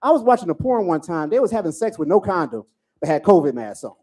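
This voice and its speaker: A man in his forties doing a profane stand-up comedy set, telling stories with animated asides. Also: sits high, quick pace. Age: 40s.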